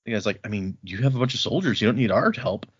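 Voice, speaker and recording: A husky man chats casually on a podcast, retelling a story's scenes and dropping into quick offhand quotes of the characters. He laughs easily as he goes, and the recording sounds somewhat dull and lo-fi. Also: on the low side, expressive. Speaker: podcast co-host. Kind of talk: casual book-club chat. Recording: dull lo-fi audio.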